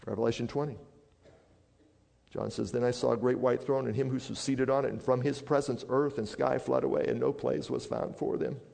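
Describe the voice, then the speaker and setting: Gravelly preacher in a reverberant hall. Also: male voice, medium pitch, fairly even intonation, fairly quick. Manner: builds from hushed to loud emphatic preaching. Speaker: pastor. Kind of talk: sermon.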